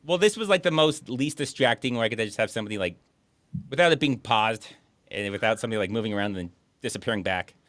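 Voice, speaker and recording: A man streaming a movie riff, talking in casual commentary, laughing and putting on quick mock voices. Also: fairly low pitch, dry recording. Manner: animated, laughing, mock quotes in put-on voices.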